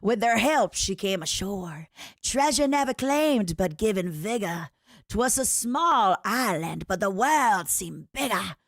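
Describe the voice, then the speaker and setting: A woman putting on an accent to recite a sea poem slowly and dramatically, in a sing-song way. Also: medium pitch, animated, no room sound, studio quality. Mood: theatrical.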